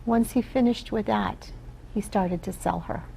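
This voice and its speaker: A woman's voice: mid-range voice, measured pace, vocal fry, warm tone, a little hiss or hum, rough recording. A woman from the Philippines, a guest on a talk show, telling stories in an earnest way and often asking "right?". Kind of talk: casual interview talk.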